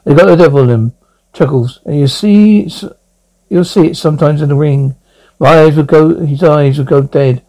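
Halting brooding young lawyer confessing, a man reading it out, gravelly low-toned voice, amateur audio drama. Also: mellow, poor audio. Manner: halting, stammers through long memories.

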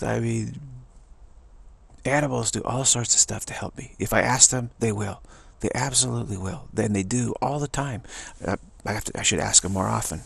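A man's voice: lowish voice, normal speed, creaky, husky, no echo, poor audio. A male yoga teacher giving a rambling spiritual talk, emphatic and full of repetition. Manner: emphatic, repeats himself.

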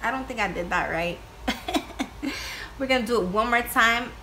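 A woman chats at home in a loud, playful vlog style, cursing casually and laughing at herself. Her voice sits a bit high and comes across bright and forceful. Faint household noise hangs behind her. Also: animated, unhurried. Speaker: YouTube vlogger, mother of two. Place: home with kids nearby.

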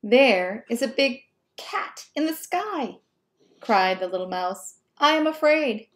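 A woman voicing a frightened little boy mouse in a children's storybook, with high, anxious cries. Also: measured pace, a bit bright, lightly acted. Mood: scared.

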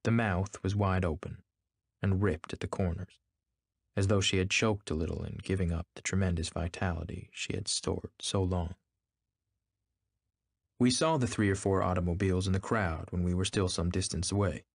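Deep-voiced man reading steadily. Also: fairly even intonation, normal speed, creaky, husky, no room sound, clean studio sound. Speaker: narrator. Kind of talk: scripted narration.

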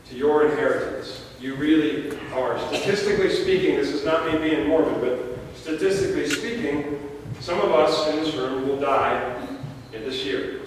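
A man preaching a sermon, his slightly high voice carried by a long church reverb. He tells stories and jokes with dramatic pauses, heard from a distance with faint room noise behind him. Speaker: pastor. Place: church sanctuary. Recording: echoey church hall from far off, faint noise.

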